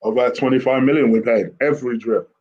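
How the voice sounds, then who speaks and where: A man calmly giving his views in a football chat, pausing often with ums. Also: medium pitch, lo-fi sound. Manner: calm, measured, hesitant with ums. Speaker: football podcast co-host.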